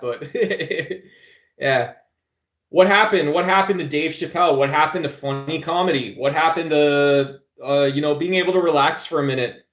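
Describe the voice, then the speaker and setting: A man's voice: a little high, fairly bright tone. Rambling male streamer in an echoey room. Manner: rambling, preachy, calls listeners brother. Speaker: live stream host. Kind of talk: casual political rant to chat.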